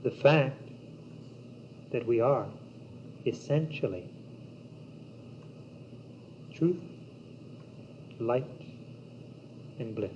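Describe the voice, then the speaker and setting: Slow, mellow man teaching yoga philosophy. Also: medium pitch. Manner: slow, measured, meditative delivery with long pauses. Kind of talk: spiritual teaching talk. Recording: dull old cassette tape with faint hiss.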